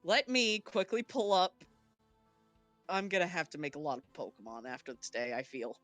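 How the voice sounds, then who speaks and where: A woman narrating as game master of a tabletop game, with a halting delivery full of restarts. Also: deep voice, a bit bright, faint music behind.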